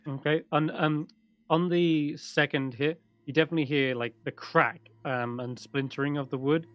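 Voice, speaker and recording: A man's voice: fairly high pitch, fairly even intonation, moderate pace, a bit bright, dry recording. A man narrating as game master, hesitant with frequent ums. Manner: hesitant, many ums and restarts.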